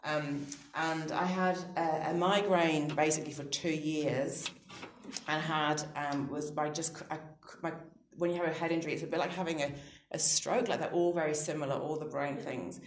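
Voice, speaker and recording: Interview guest: a woman in her thirties with a low voice, telling reflective personal stories, quick to laugh at herself, recorded in a roomy, echoey space. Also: fairly even intonation, a little hiss or hum. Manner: thoughtful, soft-spoken, laughs readily at her own stories. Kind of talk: reflective personal storytelling on faith.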